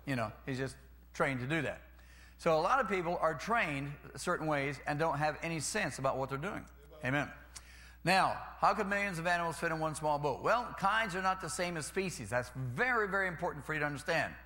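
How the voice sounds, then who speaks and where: Man, preacher, folksy sermon, bright forceful voice, slightly high. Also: expressive, a little fast. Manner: folksy, repeats phrases, calls for amens.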